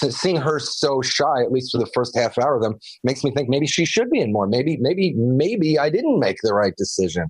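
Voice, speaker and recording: Dad on a parenting radio chat, lively up-and-down voice, jokey, dry studio sound. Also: male voice, mid-range voice, slightly rough, dry recording. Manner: animated, joking, self-doubting. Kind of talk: casual parenting talk.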